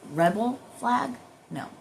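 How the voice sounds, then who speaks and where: A woman's voice: fairly high pitch, lively intonation, extremely slow, creaky, a little mellow, slight background noise. A woman who works as a spiritual healer, rambling in a casual spiritual monologue with drifting, profane asides.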